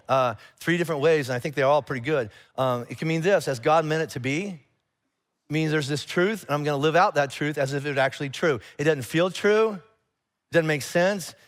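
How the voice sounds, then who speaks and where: A man preaches from a church stage, his voice sitting a little higher than most men's. He talks like he is chatting with the room, animated and frank, and he often acts out both sides of a conversation. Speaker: pastor. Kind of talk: sermon. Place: church auditorium.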